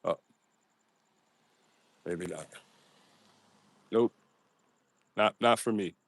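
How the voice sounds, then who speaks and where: A man with a fairly low voice chats casually on a phone livestream from outdoors at night. He jokes around and makes fun of himself while speaking straight to his viewers. The sound is dry and close, with little room echo. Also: drawn-out words. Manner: joking, self-mocking, talks straight to his chat. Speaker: livestream host.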